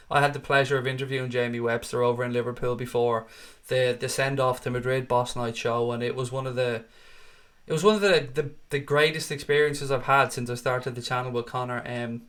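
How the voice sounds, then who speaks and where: Casual live-stream host: Irish man from Dublin, late thirties, mid-pitched, chatty and profane, reading viewer comments. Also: a bit bright. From Ireland. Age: 30s. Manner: chatty, swears freely, calls viewers mate. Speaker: watchalong host.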